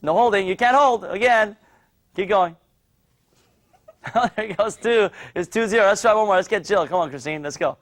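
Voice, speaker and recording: A man's voice: sits high, moderate pace, long pauses. A man teaching a kids' martial arts class, calling out drills with energy in a studio. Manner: energetic coaching, calls out drills.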